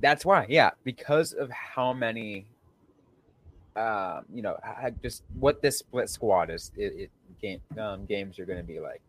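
A man's voice: on the low side, lively intonation, unhurried. A man hosting a daily hockey podcast, upbeat in his opening and then loose and hesitant in conversation. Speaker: podcast host. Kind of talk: casual sports podcast chat.

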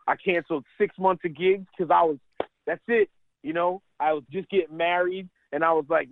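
A middle-aged man, a caddie and stand-up comedian, telling animated, laughing stories as a radio interview guest. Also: high-pitched, moderate pace, dry recording. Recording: tinny phone line, dry.

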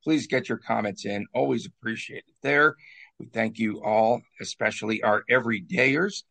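A man's voice: fairly low pitch, normal speed, gravelly, a bit bright. A man co-hosting a sports podcast, rambling and joking through casual chat and the show's sign-off. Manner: rambling, jokey sign-off banter. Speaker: podcast co-host.

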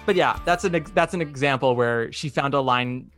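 A man's voice: medium pitch, normal speed, over loud music. Chatty man telling theater stories. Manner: chatty, animated storytelling, acts out quotes. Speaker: podcast host. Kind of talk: casual chat.

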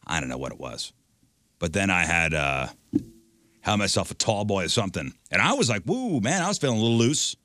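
Male host, casual storyteller, bright and animated, dry close mic. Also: sits low, a little fast, no echo. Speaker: radio show host. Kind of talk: casual chat.

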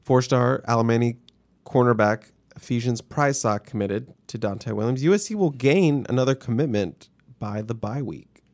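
A man's voice: medium pitch, normal speed, darkish tone. A man hosting a casual sports podcast, joking as he runs a take-it-or-leave-it segment. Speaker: podcast host.

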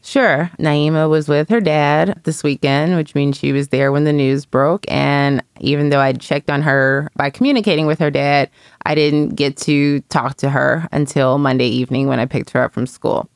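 Low, gravelly woman telling a personal story. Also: fairly even intonation, moderate pace, no echo, studio quality. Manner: reflective, storytelling, frequent fillers. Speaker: parenting columnist, co-host. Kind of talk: casual podcast conversation.

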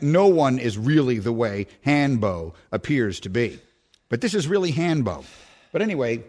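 A man hosting a radio show in a studio, chatting in a wry, animated way and stressing his points in lists. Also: mid-range voice. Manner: animated, wry, speaks in lists with rhetorical pauses. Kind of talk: casual sports radio banter.

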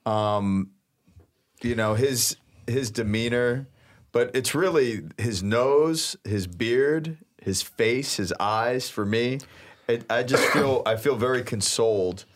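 A man's voice: mid-range voice, takes it slowly. A man co-hosting a podcast, speaking earnestly and hesitantly in a casual chat. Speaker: podcast co-host.

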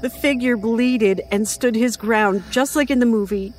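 A woman narrating a first-person horror story in an expressive, measured storytelling manner. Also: fairly high pitch, faint music behind.

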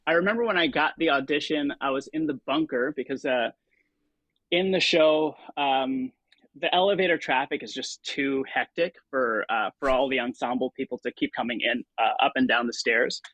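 This stage and TV performer, a man in his thirties, shares relaxed conversational stories as an interview guest. His delivery is hesitant and riddled with fillers and restarts, livening up whenever he quotes himself. Medium pitch, moderate pace, poor audio, no echo.

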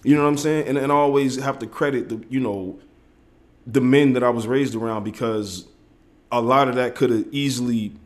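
A man co-hosting a relaxed podcast, speaking at a middle pitch in a laid-back, slangy way. He swears freely and throws in animated impressions of the people in his stories. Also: fairly quick. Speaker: podcast co-host. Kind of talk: casual conversation.

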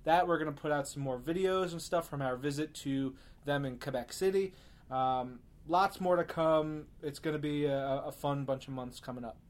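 An upbeat male podcast host recounting his news in a relaxed, joking way. His voice sits somewhat high for a man. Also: normal speed. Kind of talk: casual chat.

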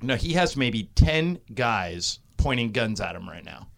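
A man hosting a sports radio show, telling stories in a lively, animated way. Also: mid-range voice, measured pace, gravelly. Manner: animated storyteller, does loud impressions when quoting. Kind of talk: casual sports radio chat.

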